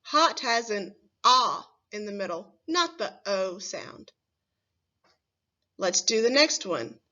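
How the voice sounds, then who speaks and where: A woman teaching a first grade phonics lesson, sounding out words slowly and clearly and asking the children questions. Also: mid-range voice, lively intonation, pushed and bright, muffled recording.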